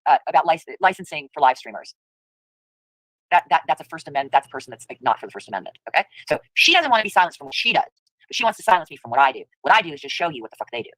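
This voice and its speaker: A woman's voice: lowish voice, a bit bright, dry recording, poor audio. A woman live streamer giving angry, profane reaction commentary to her chat, condemning another streamer. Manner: profane, heated, preachy.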